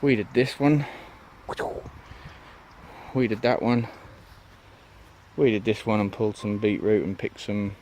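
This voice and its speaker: A low-pitched man talks casually as he walks around his allotment, drifting from one thing to the next with plenty of ums and "you know what I mean." He is recorded outdoors, with a faint hiss of open air behind him. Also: takes it slowly, long pauses, darkish tone. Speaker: allotment vlogger. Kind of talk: casual walk-and-talk vlog.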